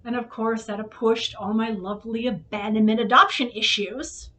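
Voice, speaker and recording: Woman vlog host with a higher voice; candid, emotional storyteller who curses when worked up. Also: steady tone, moderate pace, a bit bright. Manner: emotional, frank, swears when upset. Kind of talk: candid storytelling to her son.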